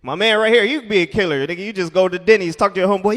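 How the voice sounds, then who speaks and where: On a comedy club stage, a high-pitched man performs a stand-up set at a quick pace with few pauses, his voice carrying big-room sound. He tells stories in an animated way and acts out characters.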